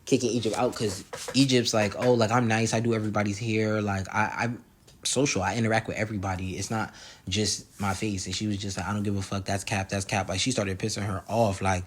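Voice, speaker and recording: A man casually recapping a reality show episode in heavy slang, laughing often and acting out the quotes loudly. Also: lowish voice, little pitch movement, fairly quick, slight background noise.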